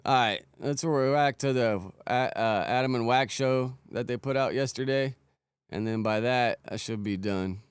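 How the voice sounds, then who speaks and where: A man with a smooth, clear voice at a medium pitch, hosting a podcast and commenting in an easygoing, rambling way. The sound is dry and close. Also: moderate pace, no room sound. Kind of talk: casual podcast chat.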